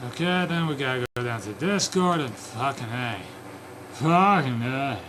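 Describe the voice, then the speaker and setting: A man ranting and swearing through a solo stream, loud in bursts and mumbling in between. He talks slowly and drags out his words. A faint noise hums behind him. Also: medium pitch, lively intonation. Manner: loud swearing rants, mutters to himself. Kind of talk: profane ranting stream chat.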